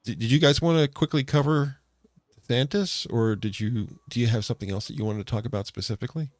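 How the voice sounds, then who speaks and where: A man's voice: mid-range voice, quick pace, no room sound. An American man co-hosting a casual podcast chat. He rambles, often correcting himself and restarting his sentences. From United States. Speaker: podcast co-host.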